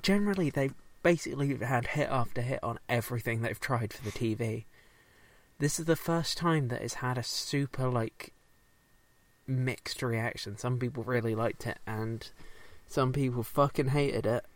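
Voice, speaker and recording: A man casually recapping a show, rambling, swearing often and slipping into quick silly character voices. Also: mid-range voice, no room sound. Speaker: podcast co-host recapping a show. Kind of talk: casual chat.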